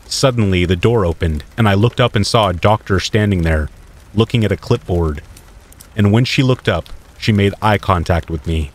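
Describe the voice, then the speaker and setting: A man reading a scripted first-person horror story in a steady, measured way. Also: fairly low pitch.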